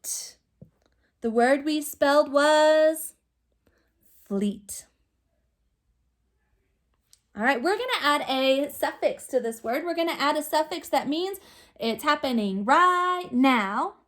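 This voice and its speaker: Teaching phonics remotely to young children, a woman sounds out words slowly and guides them with patient, step-by-step prompts. Her voice is high-pitched, animated, and fairly bright.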